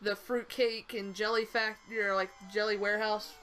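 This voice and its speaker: A woman's voice: mid-range voice, little pitch movement, moderate pace, fairly bright tone, faint music behind, poor audio. A young woman with a Southern US accent, co-hosting a game stream, telling a story in a rambling, blunt way and swearing freely. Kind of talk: casual storytelling chat.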